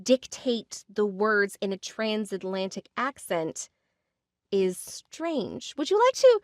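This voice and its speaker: A woman's voice: medium pitch, big pitch swings, slow pace, no room sound, clean studio sound. Reflective woman podcast co-host. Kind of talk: casual chat.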